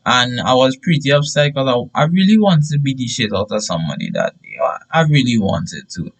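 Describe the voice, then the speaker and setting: A young man telling a story in a casual, animated way with bursts of shouting. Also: mid-range voice, fairly quick, poor audio.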